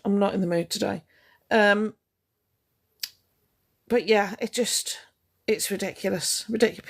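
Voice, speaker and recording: A woman livestreaming, bluntly cross and sarcastic as she reads and answers her chat. Her voice is mid-pitched with a gravelly, creaky edge. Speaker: livestream host. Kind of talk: ranting livestream talking to chat.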